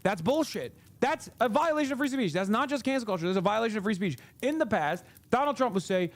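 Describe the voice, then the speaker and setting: A man with a high voice delivers an angry live-stream rant. He swears freely and keeps hammering the same lines for emphasis. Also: animated, fast, hardly any pauses. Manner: heated, profane, repeating phrases for emphasis. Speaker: streamer host.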